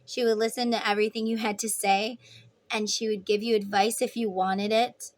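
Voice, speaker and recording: This woman's voice sits at medium pitch with little pitch movement, and she talks at a normal speed. She's a tarot reader rambling casually through a reading, playing out imagined dialogue for the people involved.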